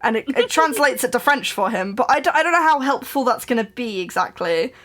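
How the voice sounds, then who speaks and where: A woman's voice: a little high, animated, a little fast, fairly bright tone. Young woman, crafting-stream co-host, chatty and giggly, casual anecdote delivery with frequent restarts. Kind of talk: casual storytelling chat. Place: home crafting live stream.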